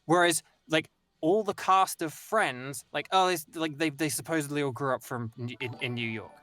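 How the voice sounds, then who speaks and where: A man's voice: a little high, normal speed, bright, forceful tone, dry recording. A young man with a Northern English accent, chatting casually as a guest on a video call, rambling with lots of restarts and fillers. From England. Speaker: voice actor guest. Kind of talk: casual conversation.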